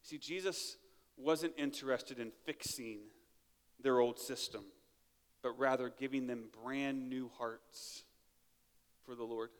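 A man's voice: mid-range voice, takes it slowly, long pauses, long reverb tail. A man preaching a sermon in a church, talking in a conversational way and often checking in with "right?". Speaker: pastor. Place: church sanctuary.

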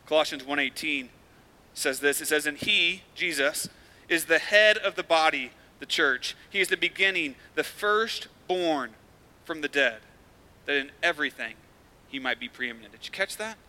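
A man preaching a sermon as the pastor, talking casually and swinging from hushed lines to loud bursts. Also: fairly high pitch, moderate pace, low-quality recording.

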